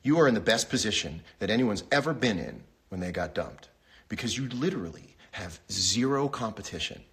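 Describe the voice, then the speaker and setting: A man hosts a loose livestream from home, his voice sitting a little low. He rambles from joke to joke with a wry, deadpan humor and often jumps suddenly up in pitch. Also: fairly quick. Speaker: host. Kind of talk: casual livestream monologue. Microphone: phone livestream.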